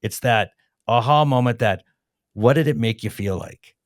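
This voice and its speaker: A man's voice: medium pitch, normal speed, dry recording. A man hosting a podcast, asking long, rambling questions and teasing his guest. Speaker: podcast host. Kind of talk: casual interview questions. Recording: dry close sound.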